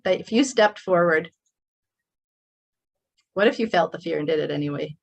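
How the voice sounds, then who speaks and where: A woman's voice: fairly low pitch, moderate pace, creaky. A middle-aged woman delivers a motivational speech to an online group. Her voice is impassioned and emphatic, and she pushes hard on her points like a preacher. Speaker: motivational workshop speaker. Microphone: speaking to a live online group.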